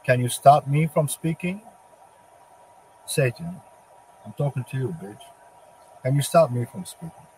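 A man's voice: mid-range voice, a little slow, pauses often, a little mellow, slight background noise, lightly acted, rough recording. Adam, a man voicing a defiant first man. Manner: defiant, taunting.

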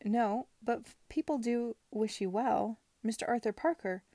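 A woman reading the part of a kind, gentle young woman in an audiobook, soothing and encouraging. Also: a little high, measured pace, no echo.

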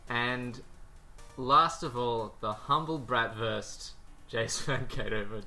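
A man's voice: mid-range voice, slow, sharp tone, soft background music. A man hosting a podcast, introducing his co-hosts with playful jokes in casual chat. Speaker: podcast host.

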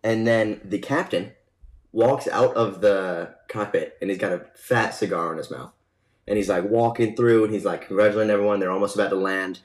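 A man's voice: on the low side, a little fast, rough recording. A young man co-hosting a podcast, casually telling a long rambling joke and laughing along with it. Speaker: podcast co-host.

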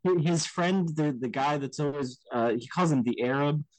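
A man co-hosting a podcast, talking casually about films in an animated way and often checking in with his listener. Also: on the high side, normal speed, dry recording, low-quality recording. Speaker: podcast co-host. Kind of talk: casual film discussion.

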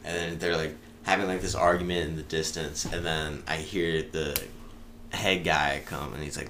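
Young man, very deep voice, casual swearing storyteller, podcast guest. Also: fairly even intonation, moderate pace, a bit bright, slight background noise. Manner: rambling, swears freely, laughs through stories.

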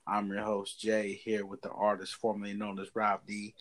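A man's voice: fairly low pitch, monotone, normal speed, a bit bright. A man hosting a podcast, talking in laid-back, profane casual chat. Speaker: podcast host.

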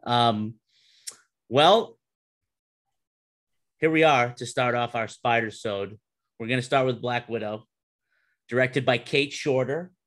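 A man hosting a casual podcast chat, animated and quick to laugh as he prods his co-hosts. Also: mid-range voice. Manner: animated, laughs often, eager prodding. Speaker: podcast host.

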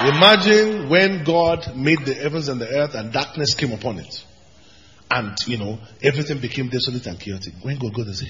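A pastor preaches an emphatic, animated sermon a little fast, his bright, ringing voice leaping from high shouted declarations to quieter low asides. A long reverb suggests a large church hall, and there's a little hiss or hum.

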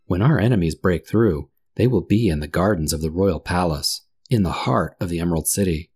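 Somber storybook tin man, low husky voice, grave and mournful, read by a man. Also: fairly quick, darkish tone, soft background music. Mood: gloomy. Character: gloomy male tin man, solemn and sad.

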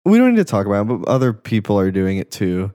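A young man's low, mellow voice drifting through casual podcast chatter. He rambles, swears freely and trails off mid-thought, and the sound is close and dry. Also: big pitch swings, quick pace, dry recording. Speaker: podcast co-host. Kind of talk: casual chat.

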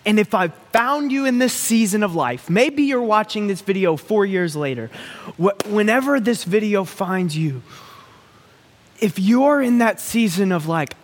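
A man preaching a sermon, earnest and pleading, with long dramatic pauses. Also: high-pitched, animated, slight background noise. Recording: long reverb of a large hall.

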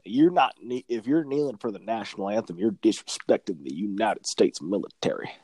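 A man's voice: fairly low pitch, lively intonation, brisk, darkish tone, husky, no room sound. A man voicing a crude, bigoted Southern man in a mocking, exaggerated Southern accent. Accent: Southern US, put on.

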